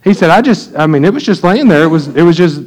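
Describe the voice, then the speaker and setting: Folksy pastor preaching. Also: male voice, a little high, quick pace, poor audio. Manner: folksy storytelling, animated when quoting. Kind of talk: sermon. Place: church.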